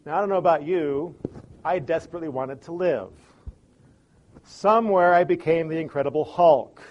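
Chicago guy doing a motivational talk, slightly high voice, acts out little scenes, speeds up and slows down a lot. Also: highs cut off. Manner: animated storyteller, big swings of pace and loudness. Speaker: speaker on communication. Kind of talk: lively motivational talk with acted-out examples.

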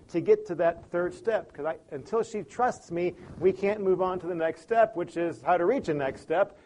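A man with a high-pitched yet darkish voice lectures on listening in a chatty way. He illustrates his points with stories, performing each quoted person.

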